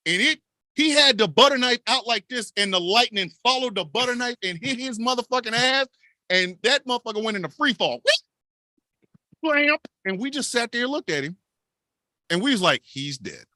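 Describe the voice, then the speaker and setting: A podcast co-host tells a wild story packed with swearing, animated and profane in a casual storytelling mode. His mid-range voice moves fairly quickly. The studio sound is clean, with no room sound.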